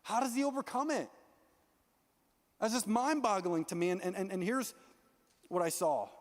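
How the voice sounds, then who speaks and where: High, earnest young man preaching in a hall. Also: moderate pace. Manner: earnest, animated preaching with frequent restarts. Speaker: youth pastor. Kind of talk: sermon.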